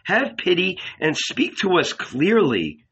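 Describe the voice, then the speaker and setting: A man voicing a tender young male disciple who speaks in a soft, trembling, pleading way. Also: high-pitched, wildly swooping pitch, slow pace, breathy edge, muffled recording, voice pushed up, heavily acted.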